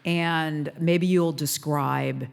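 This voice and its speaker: A woman radio host interviewing an author in a measured, curious way. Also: low-pitched, fairly even intonation, creaky, clean tone.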